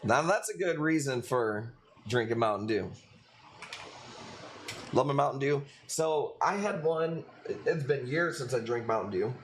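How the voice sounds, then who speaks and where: A man's voice: medium pitch, animated, unhurried, a little hiss or hum. Rambling, cussing Chicago guy streaming. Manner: loose, rambling and profane. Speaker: livestream coral seller. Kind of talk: casual livestream chat.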